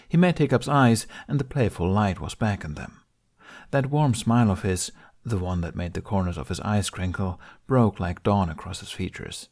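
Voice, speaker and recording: A man narrates fan fiction in a steady, measured storytelling voice. His tone sits on the low side. It suits an audiobook reading. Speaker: podfic reader.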